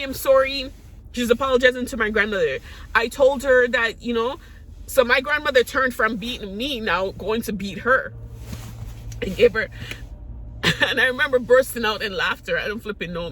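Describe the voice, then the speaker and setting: A woman's voice: a little high, moderate pace, fairly bright tone. A woman raised in the Caribbean, telling personal stories to her vlog audience in a candid, rambling way with many restarts. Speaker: vlogger. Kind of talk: personal storytelling to camera.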